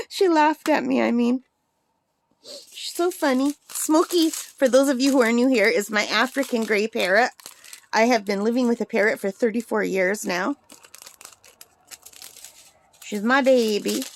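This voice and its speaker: Woman, middle-aged, craft vlogger, casual chat, rambling, laughs a lot, slightly high pitch. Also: unhurried, creaky, pauses often, a little hiss or hum. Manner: rambling, chatty, laughs often. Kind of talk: casual chatty crafting vlog.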